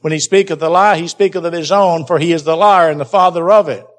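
A man's voice: a little high, fast. A man preaching a Bible teaching sermon, emphatic and repeating key phrases for stress.

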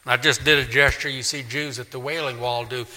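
A male pastor preaching a sermon in a church, emphatic, swinging from loud declaring to quiet pleading. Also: mid-range voice, fairly even intonation, brisk. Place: church sanctuary. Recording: long reverb of a large hall.

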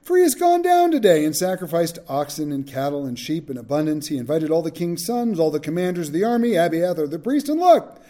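A man reading aloud the words of a shrewd, smooth male prophet pleading urgently with a king. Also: fairly high pitch, sing-song, a little fast, hardly any pauses, dark tone.

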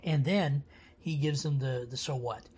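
A man's voice: medium pitch, moderate pace, a little mellow, a little hiss or hum. A man giving a casual bible study commentary, earnest and rambling, with many restarts and fillers. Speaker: bible teacher. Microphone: laptop camera.

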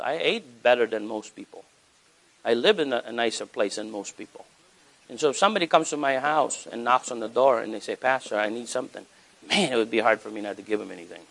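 A man preaching a sermon as pastor, animated, with wide swings in pitch for emphasis. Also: creaky.

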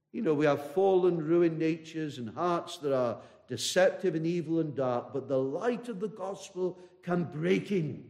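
High-voiced earnest male preacher. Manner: earnest, repetitive preaching, addresses listener directly. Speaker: pastor. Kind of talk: sermon.

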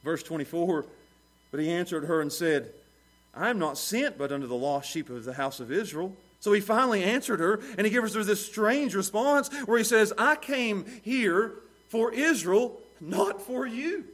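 A middle-aged male pastor preaching a sermon in an animated way, acting out pleading voices as he tells the story. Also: sits high, moderate pace.

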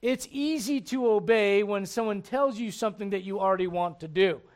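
A man preaching a midweek sermon, his voice gravelly and congested, moving from quiet reading to emphatic points. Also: high-pitched, normal speed. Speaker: pastor.

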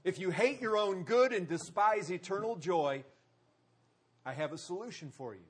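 Husky, lively preaching man. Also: high voice. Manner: preaching with emphatic repetition and dramatic pauses. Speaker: pastor. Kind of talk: sermon.

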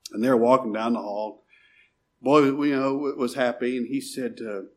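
Husky man preaching, middle-aged, gets loud then drops real soft, pleading tone. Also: mid-range voice, steady tone, normal speed. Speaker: pastor. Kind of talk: sermon.

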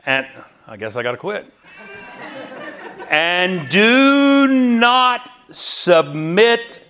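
A man's voice: high voice, very animated, very slow, sharp tone, smooth, some chatter behind. A man preaching a sermon as pastor, exuberant, with frequent hallelujahs and calls to the congregation.

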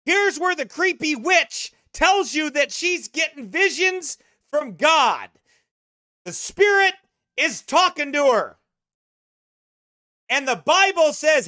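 A man preaching in a sermon-style commentary, emphatic and scornful, sometimes bursting into shouts. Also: extremely high pitch, big pitch swings, slow pace, long pauses, no room sound, studio quality.

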